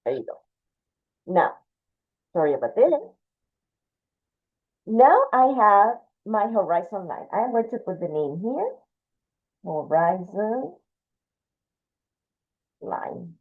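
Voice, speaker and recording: A woman's voice: medium pitch, sing-song, measured pace, pauses often, slightly rough. Woman art teacher, walks through the drawing step by step, thin phone-like sound. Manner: patient, explains step by step, talks while drawing. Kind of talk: drawing lesson, demonstrating. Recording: tinny phone-like audio.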